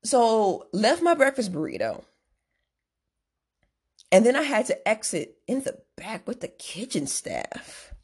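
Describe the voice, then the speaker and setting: Woman host, casual story, husky voice, swings her pitch all over, swears a lot. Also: slow, pauses often. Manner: profane, animated, acts out quotes.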